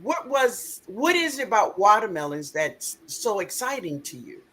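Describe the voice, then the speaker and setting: A woman's voice: mid-range voice, sing-song, moderate pace, fairly bright tone. A woman hosting a live stream in a casual, chatty way, greeting viewers by name and laughing often.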